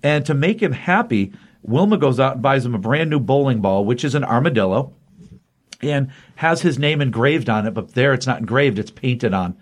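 A man's voice: medium pitch, lively intonation, moderate pace. A man casually recapping a comic book issue, chatty and rambling, often acting out the characters' lines. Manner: chatty, rambling, acts out quotes.

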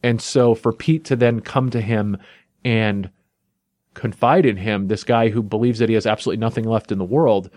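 A man hosting a comic book podcast, casually recapping a story in an animated way, often saying "you know" and "like.". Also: lowish voice, normal speed, no echo, studio quality.

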